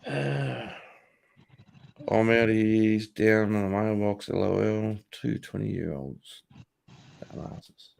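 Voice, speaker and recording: Taking it slowly with frequent pauses, a middle-aged Australian livestreamer speaks in a lowish, creaky, slightly mellow voice. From his home office, he swears freely, jokes, and laughs a lot as he answers viewers.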